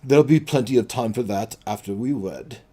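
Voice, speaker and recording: A man voicing a cold, menacing male vampire lord who speaks in a slow, formal way. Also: mellow, breathy edge, natural voice. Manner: low, slow, deliberate menace.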